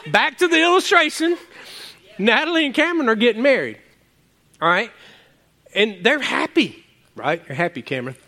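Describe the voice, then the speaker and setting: A high-voiced male pastor delivers a lively sermon. He teases his listeners in a casual way and climbs to excited, emphatic peaks. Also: moderate pace, long pauses. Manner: casual and joking with the congregation.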